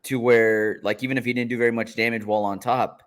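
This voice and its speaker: Man, podcast co-host, mid-pitched voice, easygoing casual chat. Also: little pitch movement, quick pace. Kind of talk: casual fight analysis chat.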